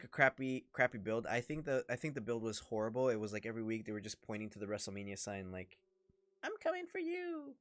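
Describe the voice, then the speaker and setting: A man with a Toronto accent, giving chatty, excitable commentary during a wrestling watch-along livestream. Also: mid-range voice, dry recording. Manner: chatty, excitable, reacts to the action. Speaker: livestream host.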